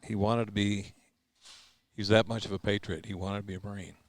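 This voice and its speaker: A man's voice: lowish voice, steady tone, a little fast. An older man, a guest on a talk show, giving short, blunt answers in casual chat. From United States. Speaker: guest, Vietnam veteran.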